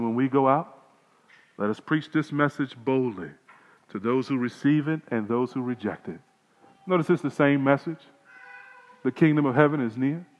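A man preaches from the pulpit with a slightly raised pitch, alternating between loud proclamation and hushed pleading. His voice trails into a long hall reverb. The recording sounds dull and lo-fi. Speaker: pastor. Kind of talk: sermon.

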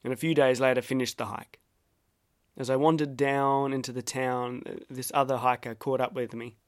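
A man's voice: mid-range voice, little pitch movement, no room sound. Wry Australian man narrating, dry sound. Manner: measured, wry and self-deprecating. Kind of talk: reflective personal essay narration.

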